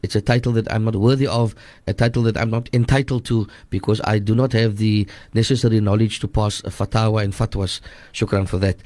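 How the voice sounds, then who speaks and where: A man's voice: on the low side, steady tone, fairly quick, darkish tone, dry recording. A man with a Cape Town accent advises callers on a radio show. He speaks earnestly and repeats his points, slipping into Afrikaans. The studio sound is dry and close. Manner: earnest, repetitive, switches into Afrikaans. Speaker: radio guest scholar answering listener questions. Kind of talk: radio advice call-in.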